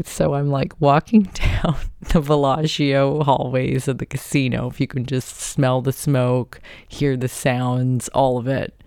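A woman's voice: a bass voice, vocal fry, a little mellow, no echo, clean studio sound. A woman hosting a podcast, telling a rambling personal story in a casual, chatty way. She swears now and then and laughs mid-sentence. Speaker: podcast host.

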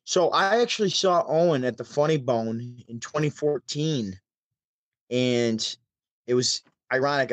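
A man from Syracuse, New York, telling stories as a podcast guest over a remote call, chatty and animated. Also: medium pitch, no room sound. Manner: chatty, animated, with frequent restarts. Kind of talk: casual storytelling.

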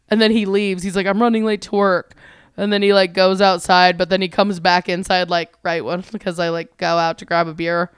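Clear-voiced woman telling a crude comedy story. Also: fairly low pitch, a little fast, dry recording, studio quality. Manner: animated storyteller, swears freely, acts out quotes. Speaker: comedian guest. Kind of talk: casual podcast storytelling.

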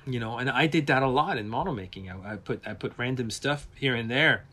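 Man, middle pitch, effects artist guest, casual stories, frequent restarts. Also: fairly quick, husky. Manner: animated storyteller with many restarts. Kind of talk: casual anecdotal interview.

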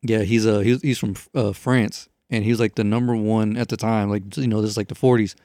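A man's voice: fairly low pitch, a little fast, dry recording, studio quality. A man telling a story in casual chat, rambling and profane, with lots of fillers. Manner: rambling, profane, animated retelling with many fillers.

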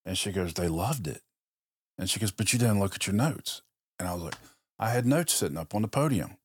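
Deep-voiced man telling lively stories. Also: a little fast, slight background noise. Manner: animated storyteller acting out quoted dialogue. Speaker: podcast guest, police officer. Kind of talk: casual storytelling chat.

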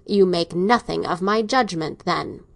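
A woman reading an audiobook, voicing a middle-aged doctor father who is domineering and speaks in a measured, dry, ironic way. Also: lowish voice, creaky. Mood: cold.

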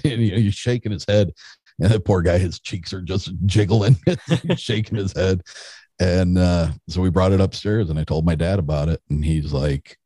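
Low husky-voiced middle-aged man. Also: normal speed, mellow, no room sound. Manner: rambling, with restarts and chuckles. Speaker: podcast guest. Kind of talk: casual storytelling.

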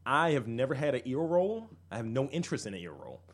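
A man's voice: medium pitch, big pitch swings, fast. A man from Maryland co-hosting a podcast, telling stories in profane casual chat with whispered asides. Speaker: podcast co-host.

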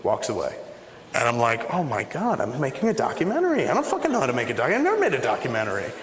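A man's voice: medium pitch, fast. A man telling a long, profane anecdote in a casual way, acting out the dialogue as he goes. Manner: animated, profane, acts out dialogue. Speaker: guest storyteller. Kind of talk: casual storytelling. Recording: roomy hall with faint ambience.

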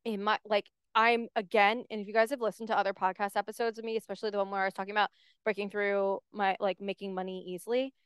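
Quick-paced and mid-range, her voice comes across clear and resonant in a dry, studio-quality recording. She is a podcast host delivering an animated, candid solo monologue peppered with "like".

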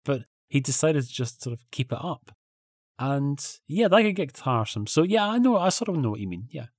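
A man's voice: on the high side, sing-song, a little fast, no room sound, clean studio sound. A man from England co-hosting a podcast, telling a casual anecdote with hesitant restarts. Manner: hesitant, anecdotal, self-correcting. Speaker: podcast co-host.

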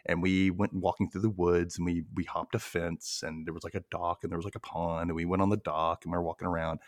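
A man's voice: low voice, no echo, clean studio sound. A man hosting a podcast, chatting casually as he recaps a TV episode and acts out characters' lines with lots of laughs. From Memphis. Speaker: podcast host.

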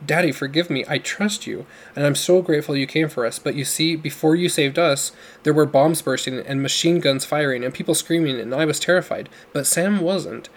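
A man's voice: on the high side, normal speed, hardly any pauses. A man voicing a steadfast young woman who speaks earnestly and pleadingly.

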